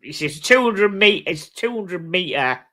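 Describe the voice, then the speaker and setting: A man's voice: high-pitched, lively intonation, normal speed, sharp tone. A British man hosting a live stream, chatting casually with viewers in a blunt, sweary way. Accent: British English. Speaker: livestream host. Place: home streaming setup.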